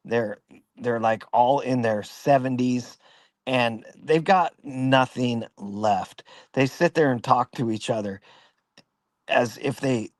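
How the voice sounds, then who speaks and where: A man's voice: mid-range voice, a little mellow, dry recording. A man with a mid-range voice chats casually on a live stream, plain-spoken and scornful. His recording is dry and close, with no room sound around him. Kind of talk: casual chat.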